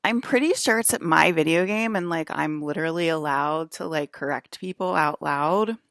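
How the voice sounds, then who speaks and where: Woman, vlogger, casual rambling monologue, lots of filler and restarts, lowish voice. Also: normal speed, a bit bright, dry recording, studio quality. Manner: rambling, heavy use of "like", frequent restarts.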